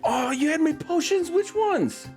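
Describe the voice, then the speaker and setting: A game master voicing an excited, boisterous young boy in a tabletop game, with faint music behind. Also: extremely high pitch, a little slow, pitched above the performer's own voice. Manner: eager, gushing.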